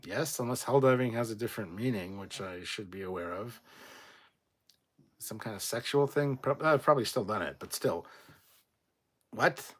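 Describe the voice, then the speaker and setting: A man hosting a casual livestream, reading viewer comments aloud and adding quick, swearing asides. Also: on the low side, a bit bright. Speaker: livestream host reading chat.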